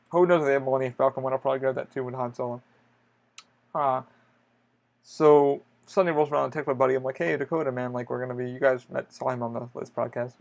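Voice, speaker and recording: Gravelly-voiced man swearing through a story. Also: medium pitch. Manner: swears a lot, rambling and animated. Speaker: podcast host. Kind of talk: casual solo podcast storytelling. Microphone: podcast microphone.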